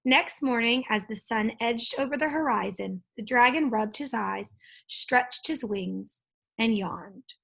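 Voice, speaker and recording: A woman reading a children's book aloud, with steady, expressive storytelling. Her voice is on the high side and noticeably breathy. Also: slow. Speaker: storybook reader.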